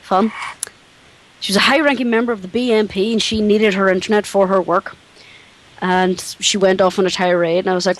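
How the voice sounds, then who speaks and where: A woman's voice: mid-range voice, little pitch movement, a little fast, slight background noise, rough recording. A woman from Northern Ireland with a Northern Irish accent, telling blunt stories about working in a call center in casual chat. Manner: blunt storytelling.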